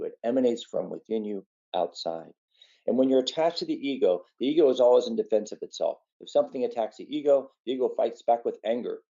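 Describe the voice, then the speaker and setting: Guy giving a calm meditation talk, mellow low-key voice, kinda muffled lo-fi sound. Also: creaky. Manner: earnest, conversational, tells a folksy story.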